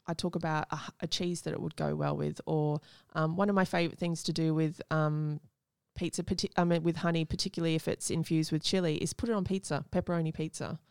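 A woman's voice: low-pitched, level tone, fast talker, gravelly, few pauses, a little mellow, clear, resonant tone, no room sound, clean studio sound. A young adult woman, a honey taster, talking enthusiastically and descriptively in a casual podcast conversation. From Australia.

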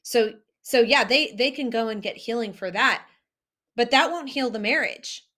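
A woman's voice: on the high side, moderate pace, pushed and bright. A woman coaching couples, talking earnestly and directly to the listener about healing a marriage. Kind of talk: direct-to-camera advice talk.

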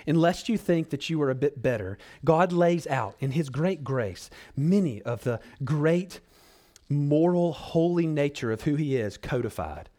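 A little slow but animated, this man preaches a sermon and earnestly names his listeners brothers and sisters. He swings from loud pleas into quiet, low-voiced passages.

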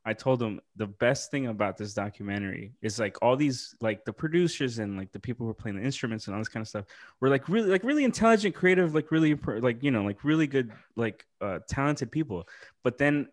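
A man hosting a casual reaction chat who is excitable, laughs often and swears freely. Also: mid-range voice, fast. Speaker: podcast host.

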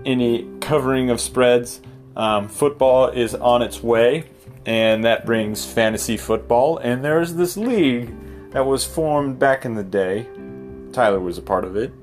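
Man, podcast host, rambling, self-interrupting storyteller, mid pitch, faint guitar bed behind. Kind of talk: casual solo podcast storytelling.

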